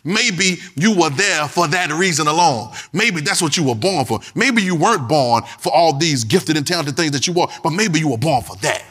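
High, forceful preaching man. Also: animated, moderate pace, hardly any pauses, breathy edge, big-room sound. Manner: emphatic, repetitive, calls out to the congregation. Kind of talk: sermon.

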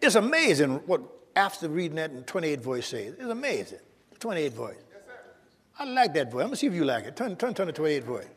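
A man's voice: fairly high pitch, very animated, brisk, breathy edge, big-room sound. A male pastor preaching a sermon with emphatic call-and-response to his congregation, in a church sanctuary.

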